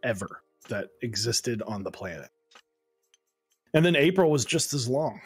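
Chill young guy rambling on stream, average pitch, acts out quotes. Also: lively intonation, a little slow, slightly rough, faint music behind. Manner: laid-back storytelling, acts out quoted kids. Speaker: co-host. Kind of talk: casual chat on a livestream.

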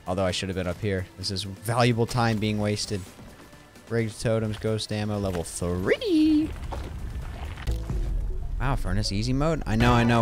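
A man streaming a game, joking and rambling to himself in casual gameplay commentary. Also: on the low side. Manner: joking, rambling, self-talking while playing. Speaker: gaming streamer. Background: game music.

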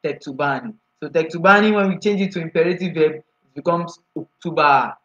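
Male teacher, slightly high voice, step-by-step lecture, quizzing questions, dull lo-fi recording. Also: fairly quick, fairly bright tone. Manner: explains step by step, often asks the class "what?". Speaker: Arabic grammar teacher. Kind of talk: classroom lecture.

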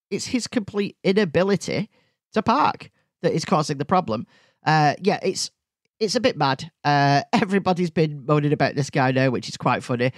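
A man's voice: fairly high pitch, dry recording, studio quality. A man hosting a podcast, telling stories in an exasperated, sarcastic way. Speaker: podcast host. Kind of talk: casual solo podcast rant.

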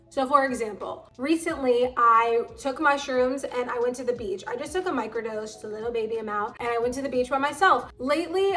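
A woman wellness vlogger telling a personal story in a casual, chatty way, full of "like" fillers. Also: a little high. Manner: chatty, frequent "like" fillers, animated retelling.

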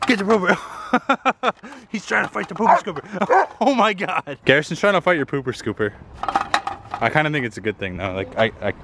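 A man vlogging outdoors, talking playfully and putting on goofy voices for his dog. His pitch swings widely and sits a bit high for a man. The recording has clear background noise. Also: big pitch swings, moderate pace, pauses often. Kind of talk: casual vlog narration. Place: outdoors by a backyard pool.

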